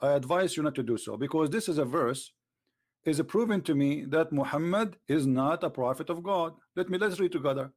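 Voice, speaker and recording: A man hosting a heated live debate with a caller, mocking him and talking over him. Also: brisk. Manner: mocking, talks over the caller, switches to a low aside voice. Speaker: host.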